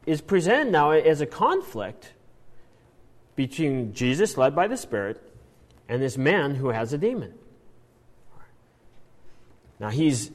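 A man teaching a Bible passage in an animated sermon style, often restarting his phrases. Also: mid-range voice, long reverb tail. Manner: animated, acts out quoted lines, frequent restarts. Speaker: preacher.

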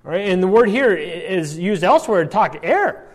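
A man's voice: high voice, expressive, normal speed, in a large hall. A man teaching a Bible passage, explaining step by step and checking in often with "all right" and "right?".

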